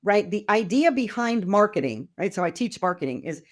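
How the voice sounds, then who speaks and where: Animated woman acting out little quotes. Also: medium pitch, a little fast. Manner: animated, acts out quoted voices, enthusiastic. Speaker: podcast guest, wealth mentor. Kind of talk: casual conversational interview.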